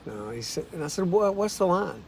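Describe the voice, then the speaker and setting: A man, a songwriter, telling stories in a relaxed, folksy way and acting out the voices of the people in them. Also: high voice, a little fast, gravelly, slight background noise. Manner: folksy, acts out quoted voices. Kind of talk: casual storytelling monologue.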